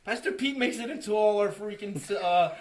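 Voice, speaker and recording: Telling his personal story to a church group, a man with a high-pitched voice speaks at a normal speed. The testimony is emotional and earnest, marked by frequent restarts and by his acting out of conversations between himself and others.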